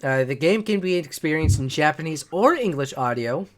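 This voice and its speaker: A chatty man with a slightly higher voice runs through game news on a casual podcast. He rambles, trips over his words and corrects himself, chuckling at his own slips. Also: animated, moderate pace. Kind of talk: casual chat.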